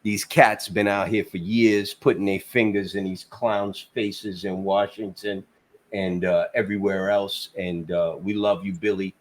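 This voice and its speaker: A low-voiced man hosts a casual trucking talk show from Queens, New York, over a video call, speaking at a measured pace in a level tone. He's blunt and teasing as a podcast host, swearing plenty and using lots of "uh."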